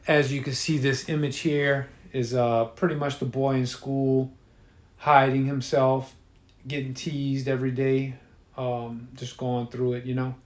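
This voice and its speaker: A man's voice: mid-range voice, level tone, a little slow. A man reading his own horror story aloud in a casual storytelling manner, with occasional fillers. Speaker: author. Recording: roomy echo.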